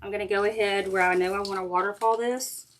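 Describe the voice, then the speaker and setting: Speaking at a quick pace in a steady, medium-pitched voice, a middle-aged woman demonstrates a craft on a livestream. She keeps up a folksy, chatty conversation aimed directly at viewers while working. There's faint background noise and some clicking.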